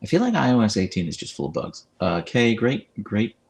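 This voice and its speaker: Very animated and brisk, the host has a lowish, gravelly voice. He streams casually from his phone, chatting and reading what viewers comment, using a phone with a clip-on microphone.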